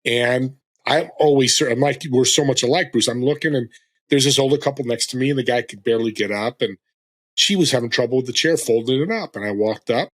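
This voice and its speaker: 60s guy guesting on a podcast, earnest and pep-talky, average pitch. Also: a little fast. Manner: earnest, motivational, urging listeners. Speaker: guest, fellow show host. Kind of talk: casual interview chat.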